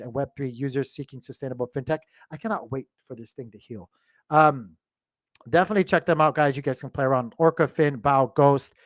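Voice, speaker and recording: A man's voice: on the high side, dry recording, studio quality. A man hosting a casual crypto market video, thinking aloud and rambling with lots of fillers. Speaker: crypto channel host. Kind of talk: casual market commentary to viewers. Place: home.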